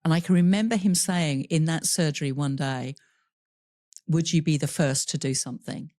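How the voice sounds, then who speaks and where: Low-pitched and mellow, this woman speaks at a moderate pace in studio-quality sound with no room noise. She's a podcast interview guest candidly recounting a personal story, laughing through hard memories and imitating other people in quoted dialogue.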